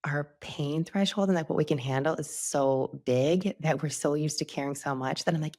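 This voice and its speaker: A woman's voice: sits low, a little fast, creaky, few pauses, darkish tone. A middle-aged woman hosting a solo podcast, talking candidly and chattily, often laughing as she goes. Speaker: podcast host. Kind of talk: casual solo podcast talk.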